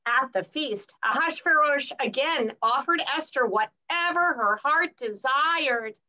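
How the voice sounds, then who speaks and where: A woman reading a scripture story aloud, slowly and expressively. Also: high voice, rough recording. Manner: slow and expressive.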